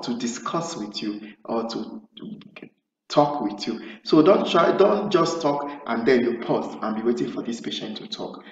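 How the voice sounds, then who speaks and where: Male tutor, mid-pitched, explains patiently and repeats himself. Recorded far off in an echoey room with dull sound. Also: darkish tone. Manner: explanatory, acts out sample nurse-patient dialogue; repeats and restarts phrases. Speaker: OET speaking tutor. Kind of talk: spoken lesson. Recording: roomy, distant, dull sound.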